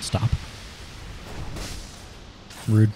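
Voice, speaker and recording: A man's voice: extremely slow, warm tone, a little hiss or hum. A man streaming a video game, chatting casually to himself, swearing and yelping when surprised. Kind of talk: casual gameplay commentary.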